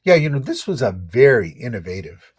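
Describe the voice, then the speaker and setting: A man co-hosts a relaxed car chat stream and laughs easily along with his partner. His voice carries a light husky edge. His pitch moves a lot as he talks. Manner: chatty, quick to laugh. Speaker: co-host of a car talk stream. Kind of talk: casual chat.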